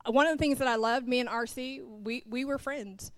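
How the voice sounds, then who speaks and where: A woman's voice: sits high, brisk, no room sound. A middle-aged woman preaching a sermon from the pulpit. She tells a personal story, acts out the dialogue and speaks straight to the congregation. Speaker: pastor's wife, preacher.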